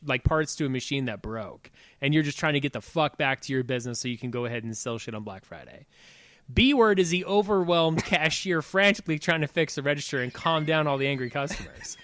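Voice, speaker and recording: A man's voice: a little high, fairly bright tone, dry recording. A man co-hosting a podcast, telling stories with frequent laughs and casual swearing. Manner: laughing, profane storytelling. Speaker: podcast co-host running a game. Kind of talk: casual chat.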